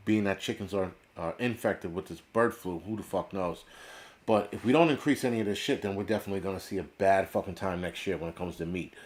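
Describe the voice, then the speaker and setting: A middle-aged man from the United States with a fairly low voice, talking in a loose, profane livestream rant. He swears constantly, repeats himself and restarts sentences as he goes. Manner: blunt, swearing, repetitive restarts. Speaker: prepper channel host.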